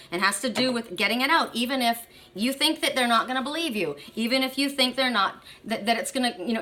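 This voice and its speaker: Bright-voiced woman giving an emphatic spiritual reading. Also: on the high side. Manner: emphatic, repeats phrases, keeps asking "right?". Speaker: oracle card reader.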